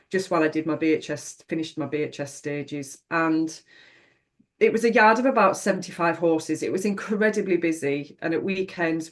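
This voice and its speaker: Middle-aged woman telling her story on a podcast, candid and reflective, drops the odd swear. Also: low voice. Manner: reflective, frank, swears casually. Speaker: podcast guest.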